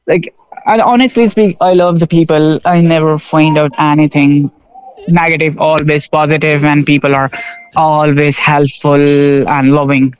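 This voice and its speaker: A man from Pakistan, a friendly, halting interview guest who laughs often. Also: fairly high pitch, little pitch movement, muffled recording. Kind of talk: casual interview chat.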